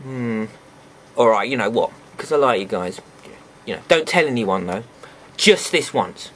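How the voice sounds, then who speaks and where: A man's voice: medium pitch, animated, unhurried, fairly bright tone, a little hiss or hum. A man chatting casually as he reviews a toy for his viewers, full of sarcastic asides.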